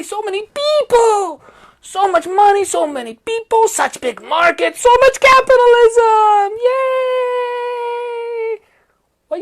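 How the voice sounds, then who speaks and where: A woman with a very high voice hosts a satirical news commentary, swinging her pitch up and down in a bouncy way. She drawls slowly and lays on the mock cheer and sarcasm. Now and then she drops into clipped broken-English jokes. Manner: playful, sarcastic sing-song delivery with mock cheering. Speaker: podcast host.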